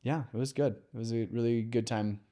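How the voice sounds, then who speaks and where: A man who is a podcast guest and mortgage lender, telling a personal story in an open, conversational way with filler pauses. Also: mid-range voice, fairly even intonation, warm tone.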